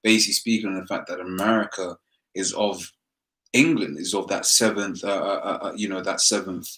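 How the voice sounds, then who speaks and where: Man, low voice, hesitant, lots of fillers, casual discussion. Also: fairly even intonation, fairly quick, a bit bright. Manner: hesitant, many fillers and restarts.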